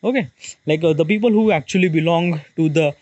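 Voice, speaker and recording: A man's voice: a little high, fairly quick, a little mellow, no echo, muffled recording. Rambling man with an Indian accent. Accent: Indian, Maharashtra. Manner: rambling, many fillers and restarts. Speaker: vlogger. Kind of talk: casual monologue.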